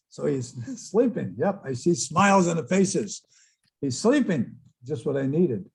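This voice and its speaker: A middle-aged man with a husky, slightly breathy voice that sits a little high for a man. He recounts his experiences as a hypnotist to an online audience, slipping into the voices of the people he quotes. It sounds like he's talking into a computer mic on a video call. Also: measured pace, low-quality recording. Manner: animated storyteller who acts out quoted voices. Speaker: hypnotist giving an online talk. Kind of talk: storytelling presentation to a live online audience.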